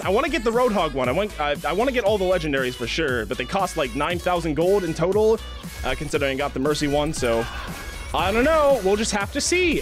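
A young man hosting a satirical gaming vlog, acting like an over-the-top hyped youtuber, then dropping into deadpan mumbles. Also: sits high. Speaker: gaming video host.

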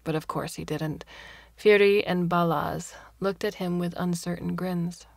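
A woman narrates a story in a soft, near-whispered voice. Her tone is low and gravelly, and the pace is slow. The recording sounds dry and close. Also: fairly even intonation, no echo. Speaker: story reader. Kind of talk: scripted narration.

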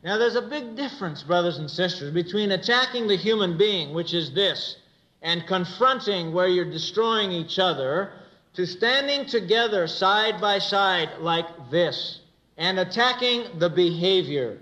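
At a church gathering, a man gives an earnest religious talk with stories, acting out quoted dialogue. His high voice is animated and sharp in tone, at a measured pace, captured in a dull lo-fi recording.

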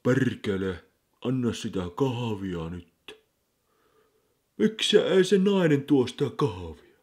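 A man voicing a grumpy, coffee-demanding old-school Finnish man who talks in gruff, curt mutters. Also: mid-range voice, big pitch swings, a little slow.

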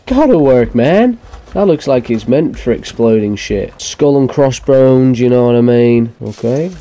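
A man's voice: mid-range voice, measured pace, dark tone. A man giving let's-play commentary on a horror game, muttering to himself and swearing in frustration at the game. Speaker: gamer streaming a horror game.

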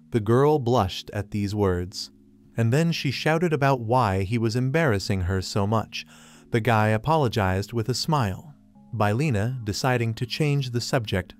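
A man narrating a manga recap in a flat, retelling manner, recounting each scene in reported speech. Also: mid-range voice. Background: faint music.

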